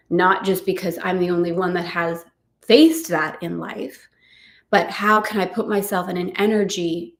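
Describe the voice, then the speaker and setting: A middle-aged woman hosting a casual spiritual live chat, repeating gentle affirmations and laughing often. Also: lowish voice, reverberant. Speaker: host.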